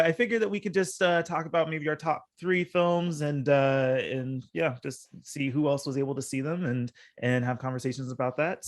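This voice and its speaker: A man hosting a casual chat over a call, upbeat and chatty, laughing easily. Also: fairly high pitch. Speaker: podcast host.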